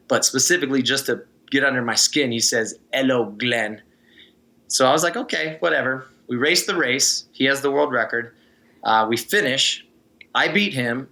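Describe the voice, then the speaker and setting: Speaking at a medium pitch with a pushed, bright quality, this man, once a swimmer, appears as an interview guest. He chats casually, telling stories in an easygoing way and laughing a lot.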